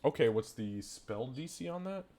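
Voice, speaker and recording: A man's voice: mid-range voice, expressive, moderate pace, a crowd in the background. A man running a tabletop game as game master, describing scenes in casual, conversational narration.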